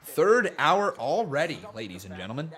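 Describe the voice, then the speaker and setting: A man hosting a live wrestling watch-along stream, talking in a jokey, excitable, self-mocking way from a home setup. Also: on the high side, normal speed, slightly rough. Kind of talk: live-stream reaction commentary.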